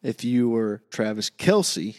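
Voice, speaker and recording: A young man co-hosting a podcast with a teasing, jokey manner and a lively, swinging pitch. His voice has a long reverb tail, as though it carries through a larger space. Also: slow. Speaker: podcast co-host. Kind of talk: casual chat.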